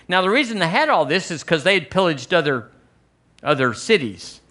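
A middle-aged male pastor with a Southern American accent, preaching a sermon with slow, emphatic repeats and calls for the congregation to say it with him. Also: a little high, very animated, fairly bright tone.

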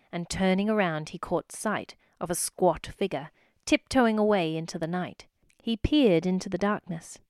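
Brief: woman storyteller, mid pitch, animated reading for kids, dry close sound. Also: smooth, no echo. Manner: expressive, addressing the listener.

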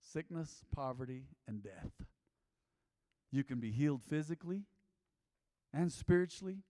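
A man's voice: mid-range voice, lively intonation, a little slow, warm tone, big-room sound. A man preaching a sermon as a pastor, emphatic and full of rhetorical questions.

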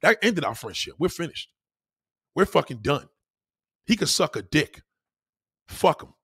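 A man streaming live, ranting loudly and insulting his chat with heavy profanity, repeating his questions and mocking commenters. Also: fairly high pitch, sing-song, measured pace, slightly rough, no room sound, clean studio sound. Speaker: livestreamer reading chat comments. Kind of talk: angry profane live rant.

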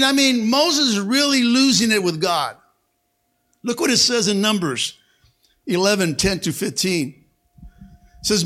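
A man's voice: extremely high pitch, unhurried. A male pastor preaching a sermon to a congregation, fervent and rousing, with frequent calls of amen and come on. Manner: fervent preaching with call-and-response, punctuated by shouted amens. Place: church service before a congregation.

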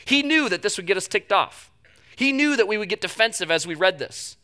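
A young man preaching a sermon, telling the story with animated delivery and acting out the quoted voices. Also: sits high, a little fast. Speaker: pastor.

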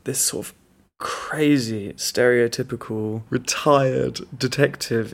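A man's voice: mid-range voice, fairly even intonation, a little slow, gravelly. A man hosting a book podcast, talking in a chatty, enthusiastic, rambling way with frequent restarts. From Britain. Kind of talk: casual monologue.

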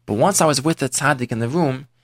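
A man's voice: medium pitch, quick pace, dry recording, studio quality, natural voice. A man voicing a repentant rich man who confesses his past in an earnest, plain way. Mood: confessional. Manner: earnest, confessional first-person telling. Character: repentant rich man, former priest, older.

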